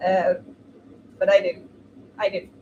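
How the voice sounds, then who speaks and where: A woman's voice: slow, mellow, highs cut off. A young woman, chatting casually and exclaiming while she cooks. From Sweden. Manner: chatty, exclamatory, laughs easily. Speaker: streamer. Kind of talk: casual chat while cooking. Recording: distant mic with noisy background.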